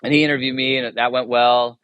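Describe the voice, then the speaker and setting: A man's voice: mid-range voice, flat delivery, brisk, fairly bright tone, clean tone, no room sound. A man telling a personal story as a guest in a casual interview, rambling and self-interrupting, chuckling often and acting out the dialogue. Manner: acts out dialogue in his anecdotes. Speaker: guest, military chaplain.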